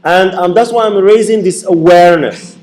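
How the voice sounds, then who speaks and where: A man's voice: high-pitched, moderate pace, a little mellow. A man giving a classroom lecture, repeating his points and checking in with the class by asking "okay?". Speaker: university lecturer.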